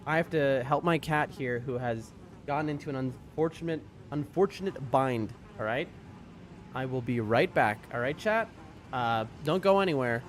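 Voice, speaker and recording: A man's voice: mid-range voice, normal speed, a little hiss or hum. A young man streaming a video game, joking casually and talking to his chat. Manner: joking, chatty, addresses chat. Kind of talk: casual live-stream commentary.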